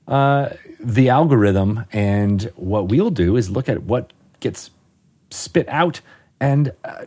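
A man's voice: mid-range voice, creaky, a little mellow. A man hosting a podcast in casual chat, friendly and rambling with many fillers. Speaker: podcast host.

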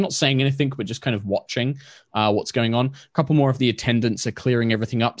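Man as game master, relaxed rambling narration, dry close sound. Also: medium pitch, no echo.

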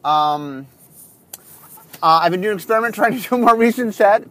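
A man's voice: high-pitched, expressive, fairly quick, pauses often, pushed and bright. A man hosting a casual solo podcast while driving in his car, rambling with lots of fillers and restarts. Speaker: podcast host.

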